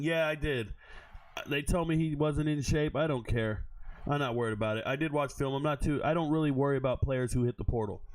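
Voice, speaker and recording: A man hosting a casual livestream as a sports analyst, blunt and profane, laughing often. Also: mid-range voice.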